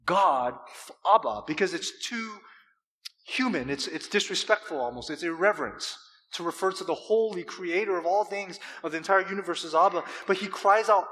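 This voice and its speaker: A man preaching a sermon with impassioned swells and dramatic pauses, from California. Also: sits high, fairly bright tone. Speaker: pastor. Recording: long hall reverb.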